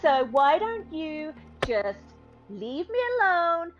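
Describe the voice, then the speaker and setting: A woman's voice: sits high, sing-song, takes it slowly, muffled recording, faint music behind, pitched above the performer's own voice, heavily acted. A woman voicing a bratty twelve-year-old girl sorcerer who screams mocking taunts. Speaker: game master.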